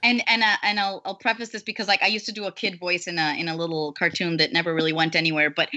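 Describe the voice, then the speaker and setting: A woman voice actress chatting as an interview guest, animated, with lots of fillers and restarts. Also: fairly low pitch, fast, dull audio. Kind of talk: casual interview chat.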